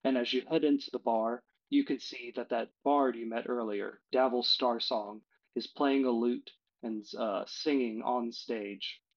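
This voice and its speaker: A man narrating a tabletop game as game master, relaxed and full of fillers, now and then correcting himself. His pitch is middling, and the audio is dull and lo-fi, like a home stream. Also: unhurried.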